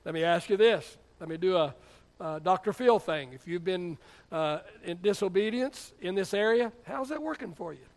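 A man's voice: sits high, moderate pace, a little mellow. A middle-aged man preaching a sermon as pastor, emphatic, with rhetorical questions and playful asides.

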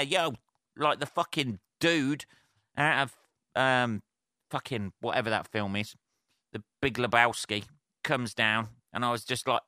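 A man's voice: medium pitch, normal speed, pushed and bright, no room sound, studio quality. A man hosting a casual solo podcast, rambling and swearing a lot and laughing at himself as he goes. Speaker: podcast host.

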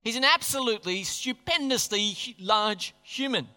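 A man's voice: very high voice, normal speed, pushed and bright. A man preaching a sermon, chatty and jokey, often asking the crowd questions. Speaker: pastor. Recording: long hall reverb.

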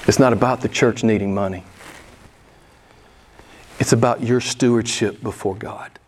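A man's voice: on the low side, steady tone, normal speed, darkish tone, slight background noise. A male pastor preaching a sermon, emphatic and repeating his key phrases for weight.

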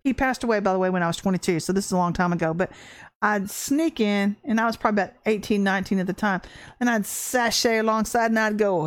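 A middle-aged woman giving a casual spoken sermon, an animated storyteller who laughs often and acts out quotes. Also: a little high, brisk, no echo, clean studio sound. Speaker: Christian ministry teacher.

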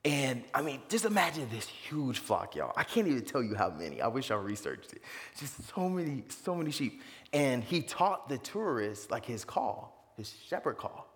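A man preaching a sermon as pastor, animated and leaping to high excited pitch for emphasis. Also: normal speed. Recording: long reverb of a large hall.

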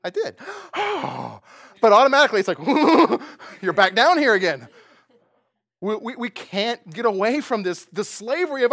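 A man's voice: very high voice, big pitch swings, normal speed, a bit bright, dry recording, studio quality. A man preaching a sermon, talking conversationally, asking the audience questions and often laughing. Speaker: pastor.

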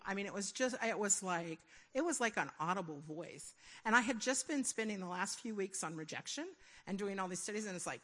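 A woman shares a personal testimony at a church gathering, her story winding and full of restarts. She acts out quoted inner dialogue with animated shifts in voice. Her pitch sits in the middle for a woman. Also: a little fast. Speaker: church member giving a testimony.

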